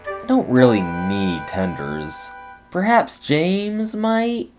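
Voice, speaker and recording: A man's voice: medium pitch, lively intonation, slow pace, music in the background, pitched above the performer's own voice. A man voicing a small, cheeky male tank engine who sounds innocent while scheming. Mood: sly.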